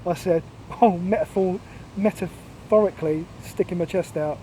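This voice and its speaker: A man telling a story from his own life in an animated, chatty voice, dropping cheeky asides. His pitch sits high but his tone is dark and mellow, with a faint hum behind him. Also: moderate pace, rough recording. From Barking, London, England. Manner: lively, chatty, chuckling asides. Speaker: author reading his own memoir. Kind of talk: personal storytelling.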